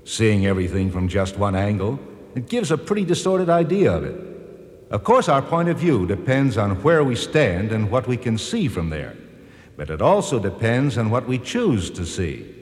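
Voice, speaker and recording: History itself in a scripted drama, earnest and gently correcting. His fairly low voice is expressive and varied in pitch, and long reverb surrounds it. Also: normal speed. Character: reflective male personification of American history.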